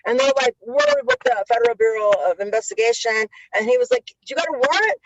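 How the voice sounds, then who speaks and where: A woman guest on an interview, telling stories in a casual, animated way and acting out quotes with lots of swearing. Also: fairly high pitch, fast talker, slight background noise. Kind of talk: casual storytelling. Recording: dull lo-fi sound.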